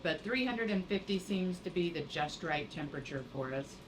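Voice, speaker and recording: Relaxed woman walking through a recipe. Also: fairly low pitch, normal speed, noisy background. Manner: relaxed, explanatory, step-by-step. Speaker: cooking show co-host. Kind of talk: casual cooking demonstration.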